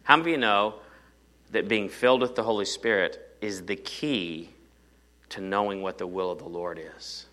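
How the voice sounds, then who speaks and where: A male pastor preaches with a forceful, bright voice that sits a bit low. He speaks in an animated, conversational way and keeps asking rhetorical questions. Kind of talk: sermon.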